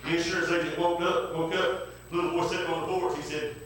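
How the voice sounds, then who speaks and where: A man's voice: on the high side, level tone, fast, fairly bright tone, a little hiss or hum. A man preaching a folksy storytelling sermon, repeating himself and breaking in with hallelujahs and amens. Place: church. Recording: very echoey room, distant mic.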